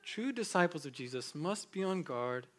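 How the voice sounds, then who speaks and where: Expressive pastor, somewhat high voice. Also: male voice, moderate pace. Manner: dramatic swings between loud emphasis and hushed lows. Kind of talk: sermon.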